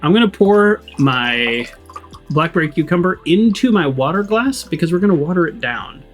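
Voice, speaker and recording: A man's voice: fairly high pitch, lively intonation, normal speed, faint music behind. A man giving casual, chatty commentary while playing a game, laughing often. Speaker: gaming channel host. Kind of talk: casual let's-play commentary.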